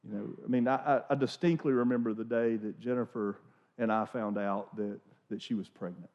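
Animated storytelling pastor, dull audio. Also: male voice, fairly low pitch, brisk. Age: 40s. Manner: animated, conversational storytelling with restarts. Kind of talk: sermon. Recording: dull lo-fi recording.

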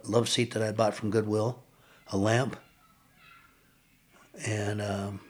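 Older man with a husky, low voice. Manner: earnest, reflective storytelling with pauses. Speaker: podcast guest. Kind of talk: personal recovery story.

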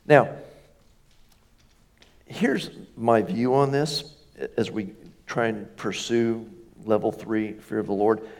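Guy pastor telling stories from the pulpit, chatty and folksy, kinda low voice, keeps asking the crowd questions. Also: slow, vocal fry, long pauses, darkish tone. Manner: folksy, self-deprecating humor, rhetorical questions. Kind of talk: conversational storytelling sermon.

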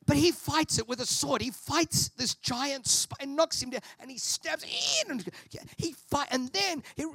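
A man from Australia preaching a sermon at a church service, in an animated storytelling style with humor. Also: extremely high pitch, a little slow, creaky, dry recording, clean studio sound.

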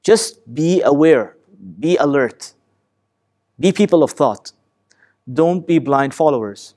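A man teaching a Quran class, talking in a lively, emphatic way, asking his students questions and reciting Arabic verses quickly. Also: a little high. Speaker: Islamic teacher.

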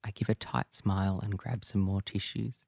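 A man tells a first-person audio drama in an intimate, raw and confessional voice. His voice is low and gravelly, recorded close and dry with no room around it. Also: level tone, normal speed, darkish tone, no echo. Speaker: narrator.

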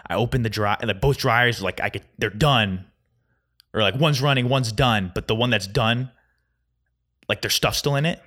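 A young man hosting a solo podcast, rambling through a casual rant at a quick, anxious clip. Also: mid-range voice, a bit bright. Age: young adult. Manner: fast, rambling, anxious storytelling. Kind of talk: casual ranting monologue. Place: Chicago.

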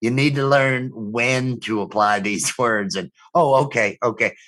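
Middle-aged guy on a podcast, rambles and swears a lot, lots of stop-start, regular pitch. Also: measured pace, a bit bright. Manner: rambling, profane storytelling with frequent restarts. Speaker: podcast co-host. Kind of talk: casual chat.

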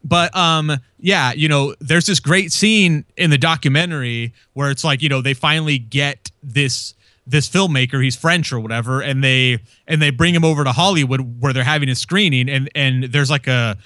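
A man's voice: mid-range voice, moderate pace, pushed and bright, no room sound. A man in casual chat, rambling and swearing freely with many restarts.

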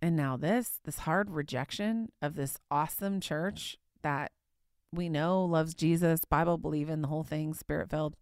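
A woman hosting a faith podcast, telling a personal story in a casual, animated way with frequent laughter and filler words. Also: sits low, normal speed, clean tone, no room sound, clean studio sound. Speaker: podcast host.

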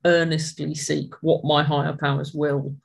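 An adult shares their personal recovery at a support meeting in a medium-pitched, creaky voice with a level tone. They sound earnest and reflective, restarting haltingly along the way.

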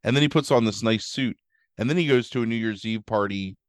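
A man's voice: on the low side, brisk, clear, resonant tone, no echo, studio quality. A man chatting casually as a podcast co-host, rambling through a movie recap full of "like" and "um" while acting out quotes. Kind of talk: casual chat.

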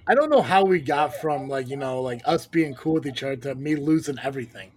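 A man's voice: mid-range voice, animated, brisk, a little mellow. A man hosting a casual live-stream podcast chat, joking and exasperated. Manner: joking, exasperated, mutters "Jesus". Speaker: podcast host and wrestling commentator.

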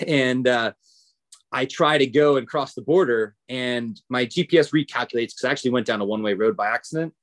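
A man from the United States recounts a story on a podcast in loose, casual speech. He slips into the voices of the people he quotes, which keeps the telling animated, and his pitch sits in an ordinary middle range for a man. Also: brisk. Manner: animated, acts out others' lines in quotes. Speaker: podcast guest.

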